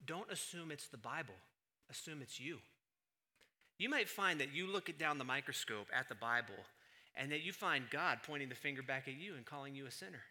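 A man preaching a sermon as pastor, moving between quiet, low asides and loud, emphatic stretches.

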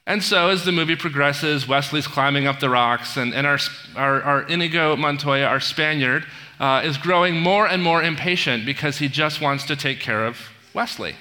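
Bright-voiced preacher in a reverberant hall. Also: male voice, fairly high pitch, normal speed. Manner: storytelling, retells film scenes with asides and audience questions. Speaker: pastor. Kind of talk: conversational sermon.

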